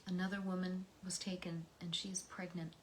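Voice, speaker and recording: An American woman reading poems aloud and talking between them in a soft, slow way, her voice often dropping to a whisper. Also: fairly low pitch, level tone, slight background noise. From United States. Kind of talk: reflective poetry reading.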